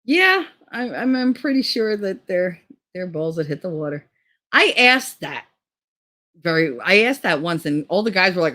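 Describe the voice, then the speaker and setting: A middle-aged woman with a somewhat low voice, chatting casually on her stream. She rambles through crude stories and swears freely. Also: very animated, normal speed, pushed and bright. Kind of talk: casual chat.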